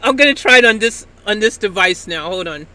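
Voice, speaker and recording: A man's voice: sits high, animated, brisk, pushed and bright. A male streamer chatting casually to his live audience, amused and laughing.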